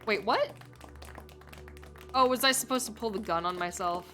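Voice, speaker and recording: A woman's voice: medium pitch, normal speed, pushed and bright, faint music behind, a faint crowd. A young woman streaming a game, reading lines aloud and reacting in a chatty, playful way. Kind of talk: live game commentary and reading dialogue aloud.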